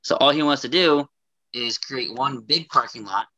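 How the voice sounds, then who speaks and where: A man's voice: mid-range voice, moderate pace, pushed and bright, no echo. A man from Ohio co-hosting a podcast, explaining a local story at length and repeating himself. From Ohio, United States. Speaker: podcast co-host. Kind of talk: casual podcast discussion.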